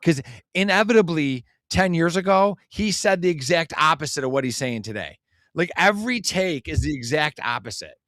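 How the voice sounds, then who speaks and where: Man, podcast co-host, emphatic, indignant, lively intonation, dry close sound. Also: a little high, normal speed, dry recording. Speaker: podcast co-host, former detective. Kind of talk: casual live-stream banter.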